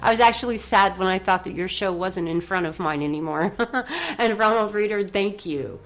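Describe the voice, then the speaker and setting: A woman hosting a motivational radio show, leading a guided breathing exercise and cheering her listeners on in an effusive, upbeat way that swings from soft to excited. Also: mid-range voice, normal speed.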